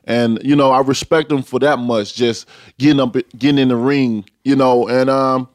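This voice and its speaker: Emphatic boxer, dry sound. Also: male voice, medium pitch, steady tone, normal speed, dry recording. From Tuscaloosa, Alabama, US. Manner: emphatic, repeats key phrases. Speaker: boxing champion guest. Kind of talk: podcast interview.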